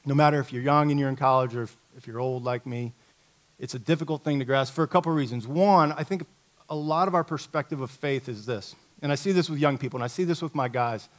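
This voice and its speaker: A middle-aged man from Indiana, a coach giving a talk at a church, telling a story in a lively, conversational, self-mocking way. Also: mid-range voice, quick pace. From Indiana, USA.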